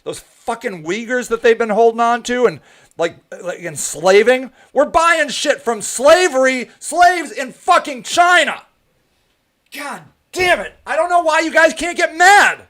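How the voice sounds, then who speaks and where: A man's voice: very high-pitched, expressive, unhurried, fairly bright tone. Heated, profane man ranting on politics. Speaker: show host.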